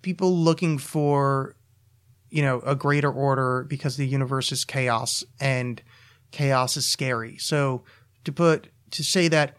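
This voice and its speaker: A man's voice: mid-range voice, fairly even intonation, normal speed, fairly bright tone. A man hosting a solo podcast, ranting casually with profanity, restarts and repeated words. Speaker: podcast host.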